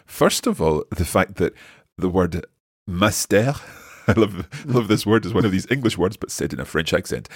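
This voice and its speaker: A man co-hosting a casual language lesson podcast, explaining phrases slowly and repeating them. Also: deep voice, big pitch swings, husky, no room sound, studio quality. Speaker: language teacher co-host.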